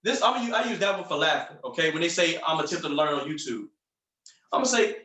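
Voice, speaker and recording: Upbeat male sales coach, high voice, punchy delivery with lots of repetition, recorded off-mic in a roomy space. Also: lively intonation, fast talker, sharp tone, far from the mic. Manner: upbeat, punchy, repeats phrases for emphasis. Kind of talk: motivational coaching on a group call.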